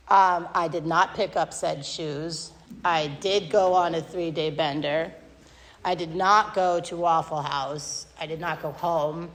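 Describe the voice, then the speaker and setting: A woman's voice: deep voice, steady tone, a little slow. A woman giving a candid, self-deprecating recovery meeting share at a podium mic, rambling with many fillers. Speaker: AA speaker. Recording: long hall reverb.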